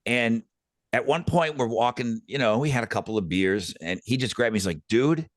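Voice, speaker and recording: A man's voice: mid-range voice, fairly quick, no echo, studio quality. A man in his fifties, co-hosting a podcast in casual chat, telling stories with lots of swearing and stammered restarts. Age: 50s. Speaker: podcast co-host.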